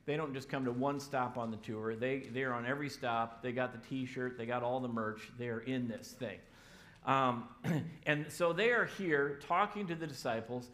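A man preaching a sermon as pastor in a church, loud and energetic. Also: mid-range voice, moderate pace.

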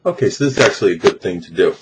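A man talking himself through a home dental self-treatment on camera, halting and thinking aloud with many restarts. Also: low-pitched, expressive, heavy background noise.

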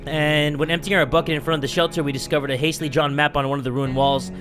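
A young man giving gameplay commentary, reading game text aloud and breaking into loud swearing outbursts. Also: fairly high pitch, little pitch movement, quick pace, over music. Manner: reads game text aloud in a mock-dramatic tone. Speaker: gaming YouTuber.

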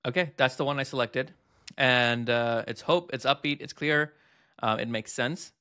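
A man hosting a casual hands-on review, chatting and thinking aloud with fillers and quick asides. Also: mid-range voice, bright, forceful tone, smooth. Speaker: host reviewing text-to-speech tools.

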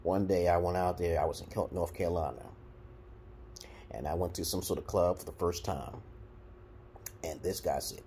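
The voice is low and the pace normal, broken by long pauses, with a little hiss or hum in the background. A Brooklyn vlogger with a New York accent rants casually to the camera, dispensing crude, blunt dating advice. He's animated, alternating loud remarks with muttered ones.

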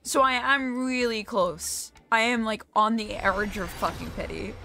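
A young woman chats through a live game stream, swearing freely and joking at her own expense. Her voice sits a touch high and sounds bright and sharp, and she takes her time. Faint game music plays behind her. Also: measured pace. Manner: swears freely, chatty and self-mocking. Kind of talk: casual live-stream gaming chat.

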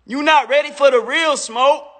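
A man's voice: very high voice, moderate pace, fairly bright tone. A man in his thirties on a phone livestream, boastfully mocking a rival with repetitive jabs. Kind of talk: taunting livestream rant. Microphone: phone mic. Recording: long echoey reverb.

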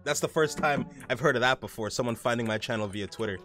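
A man's voice: medium pitch, fast, pushed and bright, faint music behind. A young man streaming a game live, rambling casually, reading chat aloud and swearing often.

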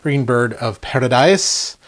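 A man's voice: medium pitch, animated, slow. Rambling, chatty man reviewing toys. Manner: rambling, easily sidetracked, chatty. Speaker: toy reviewer. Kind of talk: casual unboxing review.

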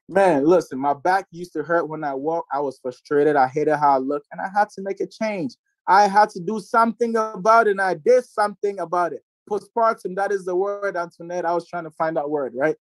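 A man in his twenties giving a preachy, repetitive motivational sales pitch to listeners on a group call. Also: moderate pace, dry recording. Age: 20s. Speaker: network marketing presenter.

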